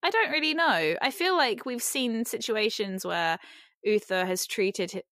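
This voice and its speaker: A woman's voice: fairly high pitch, lively intonation, measured pace, fairly bright tone, dry recording, studio quality. A woman co-hosting a casual chat show, talking loosely with lots of "like" and frequent laughter. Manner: chatty, lots of "like", laughs often. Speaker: podcast co-host.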